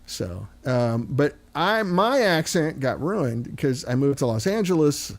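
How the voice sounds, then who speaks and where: A man's voice: on the high side, big pitch swings, slow. Chatty American man from Missouri. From Missouri, United States. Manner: chatty storyteller, acts out voices. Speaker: host. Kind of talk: casual chat.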